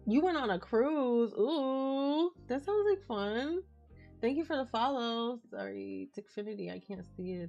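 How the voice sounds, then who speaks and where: A woman's voice: on the high side, sing-song, measured pace, a little mellow, lo-fi sound, faint music behind. A woman streaming live, chatting casually and reading out and answering messages from her chat. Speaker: livestreamer.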